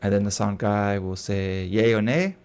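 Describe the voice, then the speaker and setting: A man's voice: lowish voice, moderate pace, darkish tone, clean tone. A middle-aged man from South Africa with a South African accent, chatting casually on a game stream, rambling with lots of fillers and laughing often. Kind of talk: casual gaming chat.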